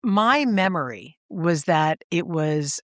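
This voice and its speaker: A woman co-hosting a podcast, chatting and telling stories with animated impressions. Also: lowish voice, slow pace, no room sound, clean studio sound. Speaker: podcast co-host. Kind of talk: casual chat.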